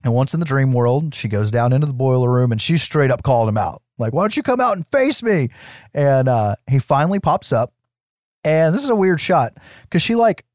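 Animated man recapping a film. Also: mid-range voice, no echo, clean studio sound. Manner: animated storytelling, acts out quotes with laughs, swears. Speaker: podcast co-host. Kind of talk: casual film recap chat.

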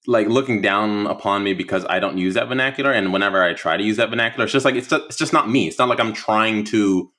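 A man's voice: lowish voice, quick pace, few pauses, pushed and bright. A young man talking casually as a guest, rambling with many fillers and restarts. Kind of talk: casual conversation.

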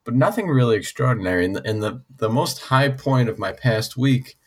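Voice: medium pitch, animated, fairly quick. Co-host, casual and playful, hams up trivia like a showman. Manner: playful, shares fun facts with mock showmanship. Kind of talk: casual podcast chat.

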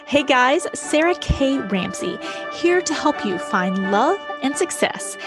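A woman's voice: high voice, very animated, slow, over music. A woman relationship coach giving an upbeat, motivational talk and telling a story along the way.

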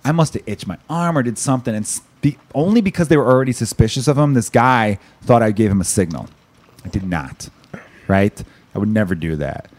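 A young man with a Chicago accent, a comedian hosting a podcast, telling stories in rapid, animated bursts with blunt swearing. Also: on the low side. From Chicago, USA. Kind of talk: casual chat and storytelling.

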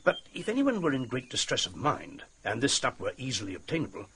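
An actor in a radio play voicing a gruff police captain who speaks in a brusque, matter-of-fact way. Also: male voice, mid-range voice, wildly swooping pitch, a little fast, sharp tone, exaggerated voice.

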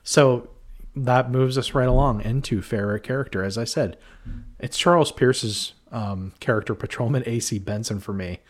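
A man hosting a casual film-review podcast, relaxed and laughing often as he retells scenes. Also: mid-range voice, moderate pace. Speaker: podcast host. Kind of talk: casual chat.

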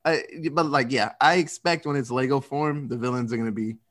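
A man's voice: mid-range voice, brisk. A man co-hosting a podcast in casual chat, rambling and acting out quotes. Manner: rambling, animated quoting. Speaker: podcast co-host.

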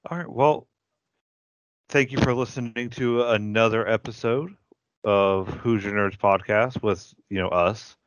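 A man's voice: on the low side, a little slow, no echo. A man hosting a casual podcast, easygoing as he chats and wraps up the show. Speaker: podcast host. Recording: dull lo-fi dry audio.

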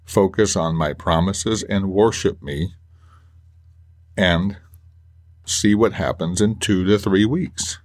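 A man hosting a faith podcast, talking earnestly and emotionally with halting restarts. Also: low-pitched. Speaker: podcast host. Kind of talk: personal faith podcast monologue.

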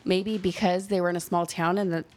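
A woman's voice: fairly low pitch, brisk. A woman co-hosting a podcast, casually telling a true-crime story and acting out the quotes. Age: adult, has a young son. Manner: animated storytelling, acts out quotes. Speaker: podcast co-host.

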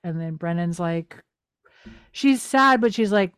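A woman's voice: on the low side, clean tone, dry recording, clean studio sound. A woman co-hosting a podcast, chatting casually and with animation as she recaps a TV episode. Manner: chatty and animated, quick reactions. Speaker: podcast co-host.

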